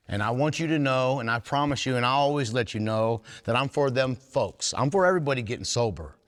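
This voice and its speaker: A man's voice: mid-range voice, fairly bright tone. A man giving an earnest, plain-spoken talk at a recovery workshop, folksy and blunt with some cursing. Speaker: workshop speaker in recovery fellowship. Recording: long hall reverb.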